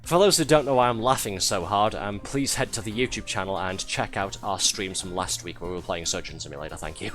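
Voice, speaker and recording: A man's voice: sits low, a little fast, few pauses, fairly bright tone, soft background music. A man giving live gameplay commentary as a streamer, wry and sarcastic, laughing often at his own game.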